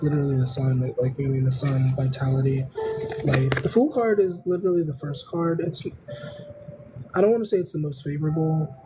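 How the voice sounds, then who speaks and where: The recording is rough, and the speaker has a mid-range voice. She's a tarot reader on a casual live stream, wandering through her thoughts at an unhurried pace, full of "um"s and "I don't know"s.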